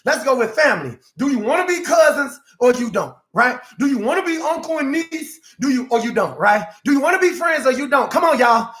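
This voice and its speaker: Man, life coach, sermon-style preaching, very high voice, bright, shouts for emphasis. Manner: acts out quoted speakers in exaggerated voices. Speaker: self-empowerment life coach. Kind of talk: preaching motivational talk.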